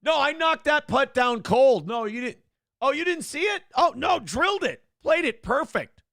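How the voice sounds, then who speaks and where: A man's voice: very high-pitched, sing-song, normal speed, gravelly, fairly bright tone, no echo, studio quality, voice pushed up, exaggerated voice. A man voicing a boastful male golfer who insists he played the hole perfectly, in a raised, bragging voice. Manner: bragging, defensive.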